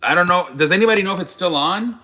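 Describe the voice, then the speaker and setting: A man's voice: high voice, fast, pushed and bright. A man hosting a live sports stream, chatting casually with viewers in a rambling, profane way.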